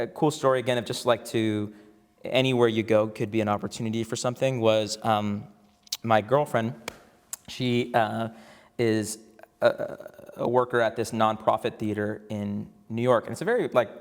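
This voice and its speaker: A man's voice: fairly low pitch, steady tone, moderate pace. A young man in his twenties telling a story to a campus audience, chatty, with lots of fillers, restarts and laughs. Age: 20s. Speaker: alumnus guest actor. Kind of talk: casual storytelling on stage. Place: campus event in a large room before an audience. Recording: long hall reverb.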